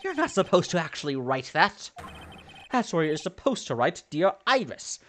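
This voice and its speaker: A woman voicing a cool, haughty male prosecutor in a cold, measured, lowered voice. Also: sing-song, slight background noise.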